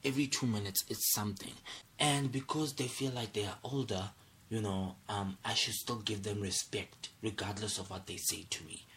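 A man's voice: on the low side, fairly even intonation, moderate pace, fairly bright tone, slight background noise. A young man hosting a solo podcast, angry and agitated, asking "do you understand" over and over. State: angry, irate. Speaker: podcast host.

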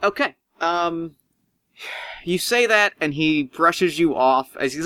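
A man running a tabletop game as game master, narrating in a loose, rambling way. His voice sits a bit high and bright, and the sound is dry and close. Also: animated, slow, no echo. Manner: casual, rambling with fillers.

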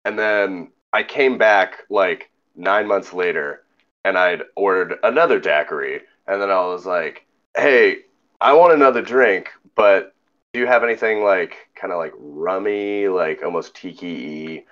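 A man co-hosting a podcast, telling an animated story in casual chat and swearing freely. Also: low-pitched, a little slow, muffled recording. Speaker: podcast co-host.

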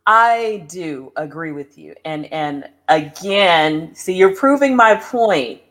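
A middle-aged woman, a high school English teacher, talking as a podcast guest in an earnest, measured way. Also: expressive, fairly bright tone. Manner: earnest, measured, explains patiently. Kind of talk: casual chat.

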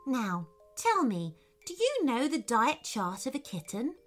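A woman voicing a kind, caring firefly that speaks softly and reassuringly. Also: a little high, wildly swooping pitch, a little slow, soft background music, exaggerated voice. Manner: soft, gentle and reassuring.

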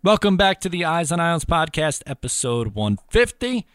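A man hosting a podcast, chatting casually as a lively, wry sports fan. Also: a little high, moderate pace, clear, resonant tone, no room sound. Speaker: podcast host. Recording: dry close mic.

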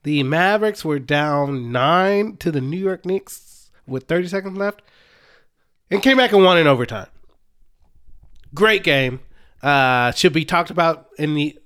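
A young man with a notably high voice for a man co-hosts a casual sports podcast. He talks in an animated, exasperated, ranting way. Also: clear, resonant tone. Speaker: podcast co-host.

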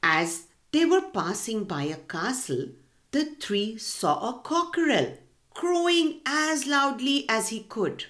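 A woman's voice: on the high side, animated, takes it slowly, fairly bright tone. A woman narrating a children's storybook expressively, speaking to the children directly. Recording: echoey room.

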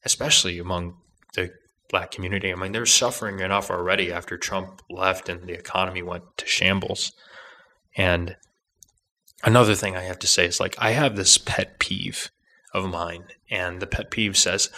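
A man's voice: low-pitched, fairly even intonation, moderate pace, bright, forceful tone. A young man hosting a political podcast, talking through an opinionated monologue that rambles, restarts and argues. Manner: rambling, combative, with restarts and asides.

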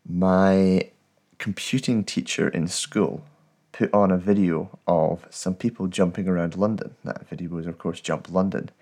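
A Scottish man in his thirties, a guest talking in a thoughtful, articulate and steady way in a casual interview. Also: low-pitched. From Scotland. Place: at home.

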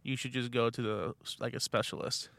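A young man co-hosting a podcast, animated and laughing often as he tells a story. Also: medium pitch, fairly quick, vocal fry, no room sound. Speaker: podcast co-host. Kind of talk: casual chat.

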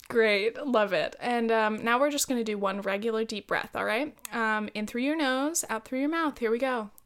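A woman's voice: fairly high pitch, unhurried, fairly bright tone, smooth. A young woman hosting her own podcast, chatting casually and laughing at herself as she goes. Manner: chatty, giggly and self-deprecating. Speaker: podcast host. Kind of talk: casual solo podcast chat.

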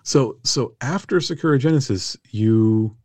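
A man co-hosting a podcast, asking relaxed questions and reacting briefly to his friend. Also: mid-range voice, a little slow, no echo. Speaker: podcast co-host. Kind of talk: casual podcast chat.

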